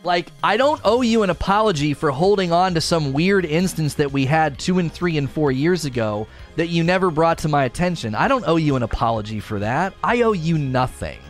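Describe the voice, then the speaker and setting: A man's voice: a little high, lively intonation, brisk, hardly any pauses, faint music behind. A man streamer in a heated, defensive monologue, repeating himself as he vents. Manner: indignant, defensive, repetitive. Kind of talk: ranting monologue.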